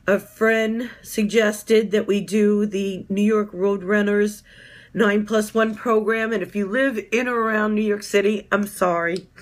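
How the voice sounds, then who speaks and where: A woman in her fifties giving a heartfelt personal testimonial as a fitness coach, halting often with filler ums. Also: mid-range voice. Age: 50s.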